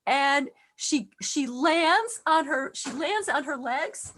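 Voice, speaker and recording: Woman, middle-aged, slightly high voice, earnest expressive storytelling, many restarts. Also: slow, few pauses. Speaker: class teacher. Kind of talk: personal storytelling talk.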